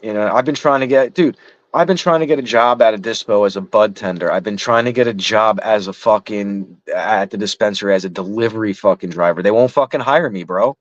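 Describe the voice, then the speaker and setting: A man's voice: fairly low pitch, a little fast, dry recording. A middle-aged man in casual chat, frustrated and rambling, swearing heavily. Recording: dull lo-fi sound.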